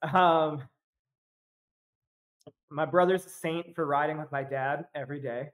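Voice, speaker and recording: A man with a fairly high voice for his sex chats as a podcast guest. He tells a loose, rambling story packed with fillers and laughter. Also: fairly even intonation, measured pace, fairly bright tone. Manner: rambling, filler-heavy, laughs often while telling. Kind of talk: casual storytelling chat.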